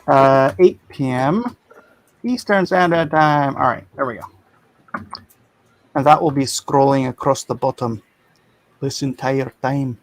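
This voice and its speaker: A man hosting a casual livestream, chatting and reading viewer comments aloud in animated bursts. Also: mid-range voice, slow pace, pauses often, slight background noise. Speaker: livestream host.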